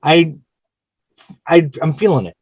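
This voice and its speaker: A man hosting a track-by-track album podcast, frank and self-mocking. His voice sits fairly high and sounds dry and close, with no room around it. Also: animated, measured pace, breathy edge, no echo. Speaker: podcast host. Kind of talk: casual album discussion.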